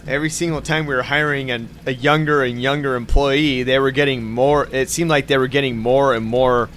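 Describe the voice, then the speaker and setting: A man's voice: medium pitch, fairly even intonation, a little fast, a bit bright, a little hiss or hum. A man hosting a podcast in casual chat, laughing often and swearing freely. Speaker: podcast host.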